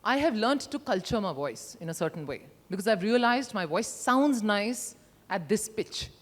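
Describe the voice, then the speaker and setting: A middle-aged Indian woman with a medium-pitched voice leads an interactive workshop at a conference, speaking at a moderate pace. She is expressive and emphatic, stressing certain words hard and using her voice to demonstrate her meaning, while a long reverb fills the large hall.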